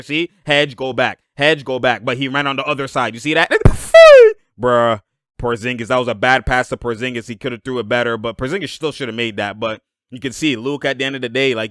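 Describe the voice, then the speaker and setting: Animated man breaking down game clips. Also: mid-range voice, clear, resonant tone, dry recording, studio quality. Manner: animated, laughing, shouting at plays. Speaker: basketball video host.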